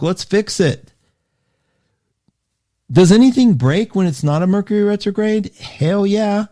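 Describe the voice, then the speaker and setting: Chatty man hosting a live astrology radio show. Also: high voice. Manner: chatty, animated, self-interrupting; reads listener comments aloud. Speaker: host.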